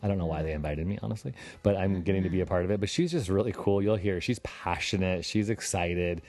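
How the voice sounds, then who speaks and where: A man hosting a podcast in casual chat, upbeat and jokey, with quick asides. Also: sits low, darkish tone. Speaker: podcast host.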